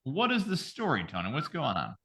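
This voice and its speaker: A man's voice: medium pitch, huge pitch swings, a little fast, sharp tone. A man co-hosting a comedy podcast, joking crudely and laughing often as he reads out a story. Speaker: podcast co-host. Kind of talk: casual comedy podcast banter.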